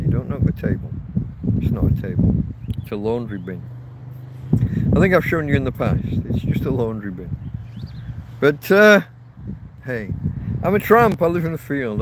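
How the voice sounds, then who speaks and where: A man rambling casually to his viewers, recorded outdoors in a windy field on a phone. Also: mid-range voice. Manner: rambling, self-correcting, chatty. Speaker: vlogger living rough in a field camp. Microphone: phone held in portrait mode. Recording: wind and faint outdoor noise on a phone.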